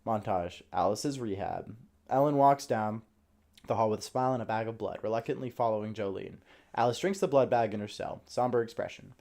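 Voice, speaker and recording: A man's voice: on the low side, a little fast, vocal fry, a little mellow. A man reading a screenplay aloud on a live stream, with a casual manner and offhand asides.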